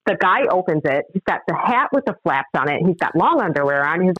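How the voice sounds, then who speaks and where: A woman's voice: lowish voice, very animated, normal speed, a bit bright, dry recording, low-quality recording. A middle-aged woman telling a story as a podcast guest, acting out other people's lines. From Upper Midwest of the United States. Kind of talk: animated storytelling.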